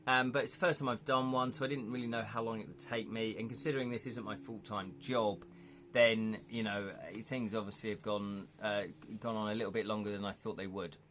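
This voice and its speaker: A man's voice: on the low side, level tone, fairly quick, fairly bright tone, a little hiss or hum. A man chatting casually on a live stream, rambling a little and reading out viewer comments, from the United Kingdom. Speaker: streamer and illustrator.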